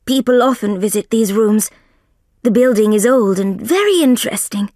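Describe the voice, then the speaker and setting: A woman voicing an anxious male college tutor in a slow storybook reading, with a high, pleading manner. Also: animated, a little mellow, dry recording, studio quality. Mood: polite.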